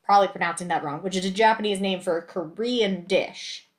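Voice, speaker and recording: A woman's voice: medium pitch, fairly quick. A woman co-hosting a casual podcast chat, explaining game trivia in a chatty, matter-of-fact way. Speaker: podcast co-host.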